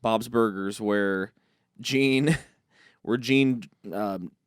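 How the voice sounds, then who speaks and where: A man's voice: fairly low pitch, very slow, smooth, no echo, clean studio sound. Joking male podcast co-host. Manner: laughing, joking asides. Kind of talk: casual chat.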